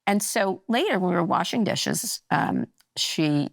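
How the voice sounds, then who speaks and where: A woman's voice: on the low side, big pitch swings, unhurried, creaky, dry recording, clean studio sound. A woman in her sixties telling a story in casual conversation as a podcast guest, blunt and a little profane, acting out the voices of the people she quotes. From United States. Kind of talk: casual chat.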